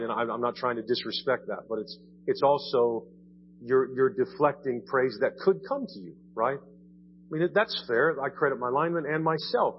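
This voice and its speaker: A man's voice: medium pitch, muffled recording, a little hiss or hum. A man preaching a sermon in a church in a conversational way, often asking "right?" and repeating his words. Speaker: pastor. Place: church sanctuary.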